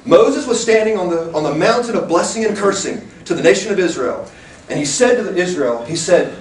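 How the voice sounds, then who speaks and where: High-pitched guy preaching, emphatic and worked up, echoey room, mic far off with faint hiss. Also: a little fast. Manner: animated, emphatic, rising to shouts. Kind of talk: sermon.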